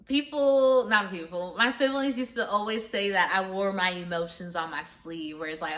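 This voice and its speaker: A woman's voice: medium pitch, moderate pace, few pauses, fairly bright tone. A young adult woman talking to viewers in a candid personal vlog, earnest and confessional, often laughing. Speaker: vlogger.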